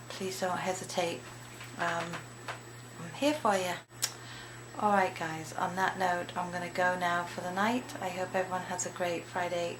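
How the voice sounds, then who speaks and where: A British woman talks into her camera at home at the end of a tiring day, rambling casually and chatting to her dogs. Her voice is low and gravelly. The home camera audio carries a clear hiss of background noise. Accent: British English. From Britain. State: tired. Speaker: vlogger. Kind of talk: casual video diary. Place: home indoors.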